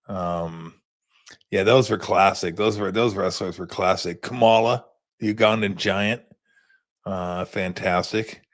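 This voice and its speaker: A man's voice: low-pitched, fairly even intonation, unhurried. A man in his fifties hosting a sports show, telling rambling stories in a laid-back, casual postgame chat.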